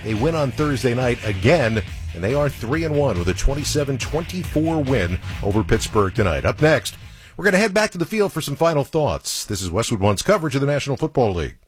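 A man hosting a radio football broadcast, recapping the game in a smooth, measured way. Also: mid-range voice, big pitch swings, faint music behind. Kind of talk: radio sports wrap-up.

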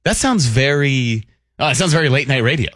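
A man's voice: medium pitch, animated, a little fast, fairly bright tone, no room sound. A man co-hosting a morning sports radio show from a studio, joking and reading listener texts aloud in an upbeat way. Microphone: studio microphone.

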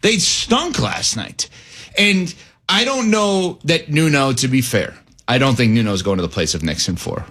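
A man's voice: mid-range voice, big pitch swings, fairly bright tone. A man hosting a sports talk show, arguing his points emphatically and challenging his co-hosts. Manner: emphatic, argumentative, quick to challenge others. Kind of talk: casual sports debate.

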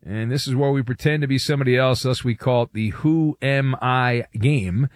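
A man hosting a sports radio show, loud and jokey, reading listener messages over a music bed. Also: mid-range voice, moderate pace, dry recording, clean studio sound. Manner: loud, jokey, sing-song. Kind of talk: sports radio banter and promo reads.

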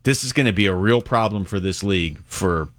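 A man's voice: low-pitched, fairly quick. A man hosting a sports radio show, talking in an emphatic, conversational way.

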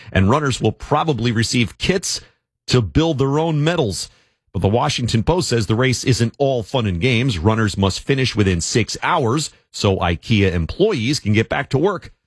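A man hosting a morning news program, reading stories in a steady, brisk delivery. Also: mid-range voice, breathy edge, dry recording, clean studio sound. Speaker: news host.

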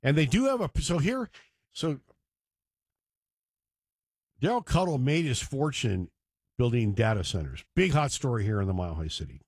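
A man's voice: mid-range voice, very animated, normal speed, long pauses, breathy edge, no room sound. A man hosting a talk radio show, rambling and digressing with joking asides. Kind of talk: casual talk radio monologue.

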